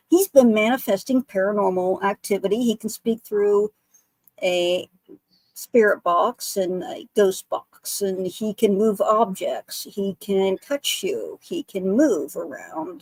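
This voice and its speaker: A woman's voice: medium pitch, big pitch swings, slow pace, no room sound, rough recording. A woman guest, a psychic medium, telling stories in an earnest, eager and giggly way. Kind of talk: casual storytelling chat.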